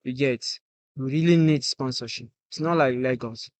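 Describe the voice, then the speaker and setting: A man's voice: mid-range voice, normal speed, dry recording. A Nigerian man sits in as the guest musician on a podcast and talks in an earnest way. He keeps tagging "you get" onto his points, and his voice sits in the middle range. The recording is close and dry. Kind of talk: casual podcast chat.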